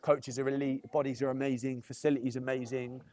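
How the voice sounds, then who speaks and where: A man's voice: medium pitch, little pitch movement, fairly quick, a little mellow. A young man, a fighter guesting on a podcast, talking casually and often asking "do you know what I mean". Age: young adult. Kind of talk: casual interview chat.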